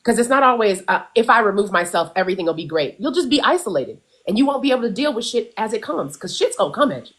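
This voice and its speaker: A woman from the United States speaks with real emphasis, her pitch swinging widely as she presses her point. She is blunt and not shy about swearing. Her voice sits at a middling female pitch on a casual live stream. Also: lively intonation, fast talker, few pauses, a bit bright. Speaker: wellness guest panelist.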